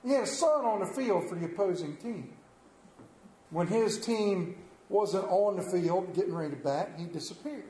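A man's voice: high voice, animated, moderate pace, dark tone, roomy sound, rough recording. A middle-aged man preaching a sermon, telling folksy, self-deprecating stories to his congregation in a church. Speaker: pastor. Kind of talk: sermon with storytelling.

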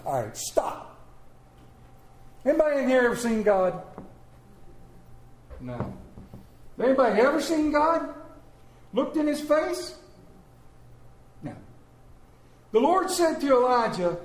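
A man preaching a sermon as pastor, animated and humorous, swinging between loud declarations and hushed quiet moments. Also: a little high, a little slow, long pauses, echoey room, a little hiss or hum. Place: church.

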